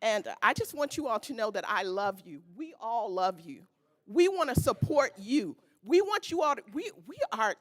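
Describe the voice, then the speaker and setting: A woman's voice: high-pitched, sing-song, normal speed. Pleading woman at a council podium. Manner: pleading, earnest, tearful at times. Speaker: resident speaking at public comment. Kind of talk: emotional public comment at a council meeting. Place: council chamber.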